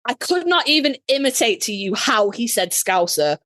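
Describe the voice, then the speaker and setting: A woman with a Yorkshire accent tells a story on a podcast, swinging her fairly high voice up and down. She swears freely and acts out what people said. The sound is close and dry. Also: big pitch swings, moderate pace, fairly bright tone, no echo. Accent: Yorkshire English. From Yorkshire, England. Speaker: podcast co-host. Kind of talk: casual storytelling chat.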